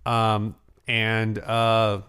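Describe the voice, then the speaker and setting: A man's voice: fairly low pitch, completely flat delivery, drawn-out words, a bit bright, clear, resonant tone. A man co-hosting a casual podcast, rambling and self-deprecating, often trailing off mid-thought. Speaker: podcast co-host. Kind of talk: casual chat.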